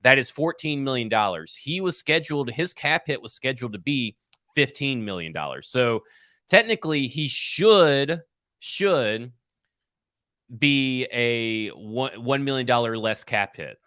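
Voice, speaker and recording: A man co-hosting a casual sports talk show, brisk and matter-of-fact as he explains numbers. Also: mid-range voice, expressive, pushed and bright, no room sound, studio quality. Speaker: podcast co-host and analyst.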